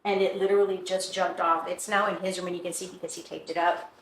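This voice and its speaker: Talking fast in a lowish voice, a tattoo artist who owns the shop recounts odd happenings there, playing out the quoted dialogue with lively energy. Her shop sounds echoey, with a distant mic and faint background hum.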